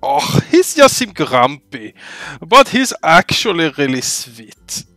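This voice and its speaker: A man's voice: on the high side, big pitch swings, slow, vocal fry, bright, forceful tone, no room sound, soft background music, heavily acted. A man voicing a cheerful young female tank girl in a let's play of a dating game, eager and sing-song. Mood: bubbly.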